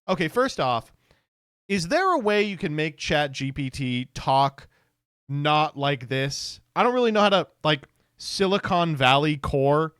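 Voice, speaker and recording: Lively, sardonic male streamer. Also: a little high, a little slow, smooth, no room sound, studio quality. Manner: sardonic, swears freely. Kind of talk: casual stream commentary.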